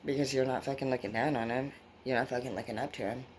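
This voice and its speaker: A woman's voice: a bass voice, fairly even intonation, fast, a little mellow, slight background noise. A woman with grown children giving a casual tarot reading to her viewers, rambling, blunt and full of swearing. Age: adult with children. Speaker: tarot reader.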